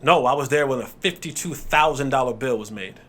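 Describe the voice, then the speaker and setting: A man, the show's host and a former football player, chatting casually and telling his own story with quick asides. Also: medium pitch, fairly bright tone. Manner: laid-back, quick asides, laughs along. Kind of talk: casual chat.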